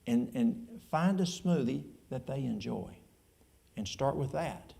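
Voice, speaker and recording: A man's voice: medium pitch, animated, takes it slowly, gravelly, mellow. A man with an East Tennessee Appalachian accent, a church elder answering audience questions in a folksy, plain-spoken way. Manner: folksy, plain-spoken, drawling with colloquial speech.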